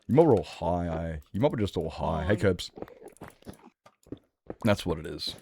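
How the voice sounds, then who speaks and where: A man's voice: deep voice, unhurried, long pauses, mellow, a little hiss or hum. A man chatting casually and swearing while he streams a game, breaking into laughter as he tells stories. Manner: sweary, storytelling, laughs often. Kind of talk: casual gaming stream chat.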